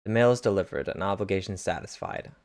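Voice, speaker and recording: A man's voice: low-pitched, quick pace, darkish tone. A man reading dramatic recap captions aloud in a casual way, stumbling over words now and then. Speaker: reader narrating a webcomic.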